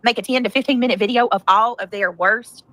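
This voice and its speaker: A woman's voice: a little high, fast, fairly bright tone, no room sound. A woman with a Southern US accent, ranting on her livestream in a mocking, scornful tone. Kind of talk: casual stream rant.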